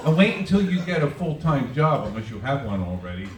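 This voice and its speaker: A man's voice: medium pitch, sing-song, fairly quick, crowd noise. A man in his sixties doing a self-deprecating stand-up comedy set for a live audience at a winery. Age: 60s. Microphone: camera on a tripod at the back of the room. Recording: echoey room, distant camera mic, audience noise.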